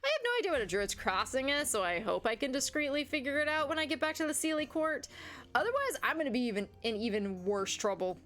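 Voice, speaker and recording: A woman's voice: high-pitched, fast. A young American woman streaming a visual novel, reading its lines aloud and breaking off into chatty, giggly commentary. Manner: chatty, giggly, reads game lines aloud with animated asides. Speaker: gaming streamer.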